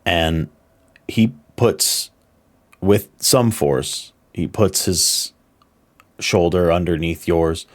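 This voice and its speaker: A man narrating as game master in a slow, measured, descriptive way. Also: deep voice.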